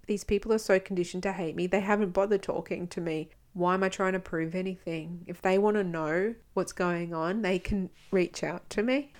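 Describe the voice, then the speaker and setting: An Australian woman hosts a solo podcast in a loose, chatty way, frank and unfiltered. Her voice sits fairly low, with a gravelly fry running through it. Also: a little mellow. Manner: chatty, frank, swears freely. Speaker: podcast host. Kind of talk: casual solo podcast talk.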